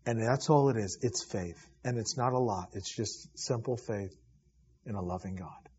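A man preaching a sermon as pastor, swelling loud and then dropping to a hush. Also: on the low side, moderate pace, dull audio, slight background noise. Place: church service.

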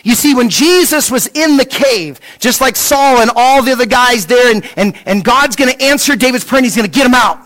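A man preaching a sermon, asking rhetorical questions and repeating words as he restarts, dropping from a raised voice to a hush. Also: very high voice, fairly quick, hardly any pauses. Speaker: pastor.

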